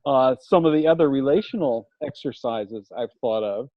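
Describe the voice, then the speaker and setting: A man speaking as a guest in a casual discussion, explaining ideas and telling anecdotes in a measured way. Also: mid-range voice, no room sound. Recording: dull dry lo-fi audio.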